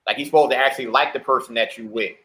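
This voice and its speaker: A man's voice: medium pitch, fairly bright tone. A man on a casual talk panel, speaking bluntly with plenty of profanity. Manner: blunt, profane, fast-talking. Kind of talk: casual chat.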